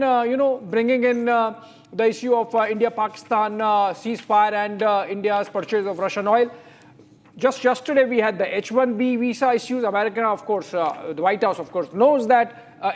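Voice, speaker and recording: A male TV news anchor with a strikingly high voice hosts a live debate. He frames long, meandering questions, padded with hesitations, before handing over to a guest. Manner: rambling questions full of fillers.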